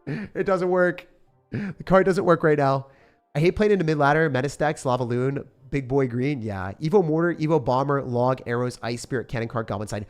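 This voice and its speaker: A young man streaming a game live, reacting loudly and then mumbling low as he talks through decks. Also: normal speed. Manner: excitable, swings from shouting to low mumbling. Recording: faint music behind.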